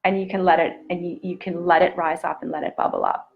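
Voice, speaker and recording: Woman, middle-aged, gentle live-stream self-love coach, earnest and warm-hearted. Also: fairly low pitch, wildly swooping pitch, quick pace, gravelly, dull audio. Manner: gentle, earnest, reads viewer comments aloud.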